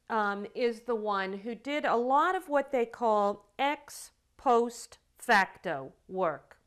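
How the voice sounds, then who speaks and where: A woman lecturing a class on child development, telling examples with animated quoted dialogue. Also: on the high side, smooth. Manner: storytelling with acted quotes, animated delivery.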